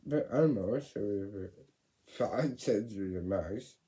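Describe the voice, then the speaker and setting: A man reads a children's story aloud at an unhurried pace. His voice is mellow and dark, and his delivery is animated, with big leaps in pitch. He jumps from loud exclamations to hushed, whispered asides. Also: low-quality recording.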